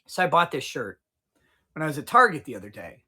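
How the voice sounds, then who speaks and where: A man's voice: fairly high pitch, very animated, a little fast, pushed and bright, slightly rough. A man in his forties hosting a casual livestream outdoors, rambling, swearing freely and answering his chat. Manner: profane, rambling, talks to chat. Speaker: livestream host.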